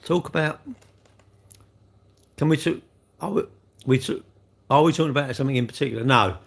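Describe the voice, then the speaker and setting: A man chats in a loose, cheeky ramble on a home livestream. He talks with his mouth full and answers viewers as he goes. His pitch sits in an ordinary middle range. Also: brisk, vocal fry. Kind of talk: casual livestream chat while eating.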